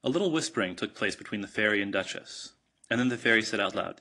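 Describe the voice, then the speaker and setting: Low, husky male storybook narrator. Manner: measured, steady reading. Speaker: audiobook narrator. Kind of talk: storybook reading.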